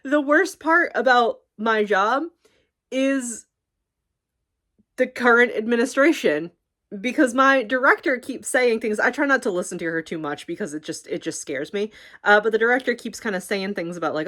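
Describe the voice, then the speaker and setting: A young woman talking casually in a rambling, animated way, swearing often and acting out conversations. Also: fairly high pitch, moderate pace. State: tearful. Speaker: streamer talking about her library job. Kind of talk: casual chat.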